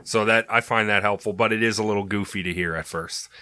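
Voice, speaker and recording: A man's voice: fairly low pitch, quick pace, no echo. A man with a Midwestern accent, co-hosting a podcast in casual chat, joking and swearing freely. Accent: American Midwest. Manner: animated, jokey, swears freely. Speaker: podcast co-host.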